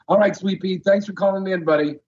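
A man's voice: high-pitched, roomy sound, muffled recording. A man hosting a radio show who chats casually and crudely, jokes around and laughs often. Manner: crude, joking, quick to laugh. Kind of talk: casual bawdy radio chat.

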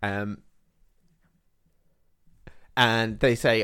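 A man's voice: medium pitch, moderate pace, fairly bright tone. A man co-hosting a podcast, casually recapping a film plot with frequent laughter. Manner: recounts the plot, laughs often. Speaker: podcast co-host.

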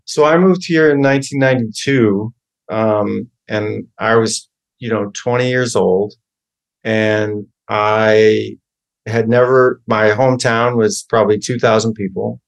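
A man's voice: lowish voice, fairly even intonation, a little slow, creaky. A man in his fifties from Oklahoma, a guest actor who tells stories casually and keeps correcting himself mid-sentence. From Oklahoma, USA. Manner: rambling, self-correcting, wry. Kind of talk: casual interview storytelling.

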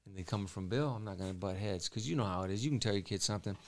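A man's voice: on the low side, racing. A man, a former boxer, sharing stories as an interview guest. He talks earnestly, repeats himself and often restarts his sentences. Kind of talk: emotional storytelling in a casual interview.

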